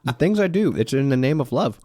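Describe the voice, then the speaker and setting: A man's voice: mid-range voice, lively intonation, a little fast, heavy background noise. A man co-hosting a podcast in casual chat over drinks, rambling and self-deprecating, a bit tipsy, swearing freely. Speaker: podcast co-host.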